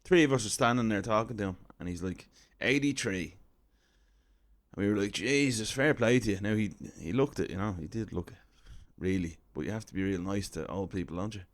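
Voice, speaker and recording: A man's voice: deep voice, fast, hardly any pauses. A man in his thirties with an Irish accent, telling a comic story in a wry, self-deprecating, conversational way. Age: 30s. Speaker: comedian storyteller.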